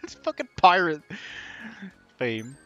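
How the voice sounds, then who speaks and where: A man giving excitable, foul-mouthed gameplay commentary as host of a gaming video. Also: a little high, unhurried, muffled recording, faint music behind. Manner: excitable, swears constantly, laughs often.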